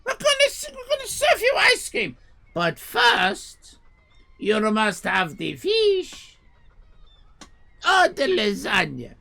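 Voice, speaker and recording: A man voicing a hot-tempered male restaurant owner who shouts in broken English with a put-on Italian accent. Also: very high voice, huge pitch swings, takes it slowly, vocal fry, pitched above the performer's own voice, exaggerated voice. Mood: insistent.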